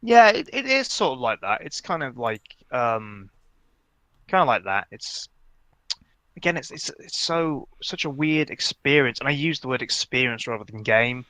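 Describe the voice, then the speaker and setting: A man with a medium-pitched, pushed and bright voice swings his pitch widely while speaking at a moderate pace. Co-hosting a podcast, he chews gum and chats casually about a game, rambling with plenty of fillers and restarts. There's no room sound.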